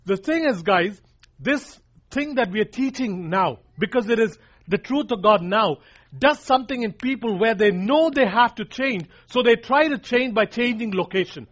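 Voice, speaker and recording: A man's voice: extremely high pitch, expressive, moderate pace, fairly bright tone. A man preaching a sermon, pressing his points hard and repeating key lines for emphasis while calling his listeners "guys.". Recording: dull lo-fi recording.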